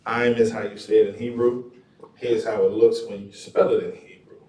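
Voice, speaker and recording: A man's voice: on the low side, little pitch movement, moderate pace, darkish tone. A man teaching a classroom language lesson, repeating words and often checking in with "all right?". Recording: echoey room, far from mic.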